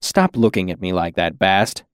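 A man voicing a stern, world-weary male innkeeper who tells stories in a dry, measured, commanding way. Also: sits low, smooth, no room sound, pitched below the performer's own voice, close to an everyday voice.

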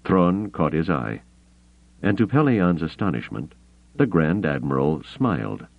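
Super deep guy reading a novel, lots of swing in his voice, sounds like over a phone. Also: vocal fry, no room sound. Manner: dramatic, expressive reading with measured pauses. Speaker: audiobook narrator. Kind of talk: scripted novel narration. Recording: tinny phone-like audio.

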